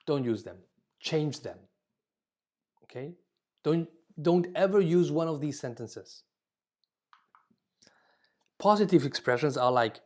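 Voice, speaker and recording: Warm-toned man lecturing dentists. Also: a little high, expressive, a little slow, pauses often. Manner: explains with example phrases, frequent "okay?" check-ins; self-corrects mid-word. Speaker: dental communication instructor.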